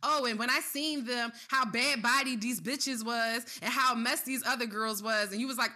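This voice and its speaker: A woman's voice: fairly high pitch, fairly quick, hardly any pauses, sharp tone. A woman co-hosting a talk show, ranting in heated, profane gossip commentary. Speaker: podcast co-host.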